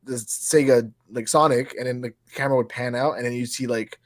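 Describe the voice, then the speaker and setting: Excited guy in his 30s on a podcast, swears a lot, pitch jumps around, dry close sound. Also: a little fast, dry recording. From Europe. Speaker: podcast co-host. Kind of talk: casual chat.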